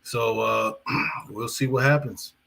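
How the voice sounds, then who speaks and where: A man's voice: mid-range voice, fairly even intonation, takes it slowly, creaky, pushed and bright, low-quality recording. A man hosting a live boxing talk stream, chatting in a rambling way with fillers and self-corrections. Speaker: boxing commentator and channel host. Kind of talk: casual live-stream commentary.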